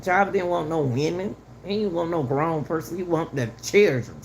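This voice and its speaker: Heated middle-aged lady talking straight to her viewers, kinda gravelly, repeats herself a lot. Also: low voice, normal speed, a little mellow, slight background noise. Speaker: channel host commenting on a news case. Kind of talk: casual commentary.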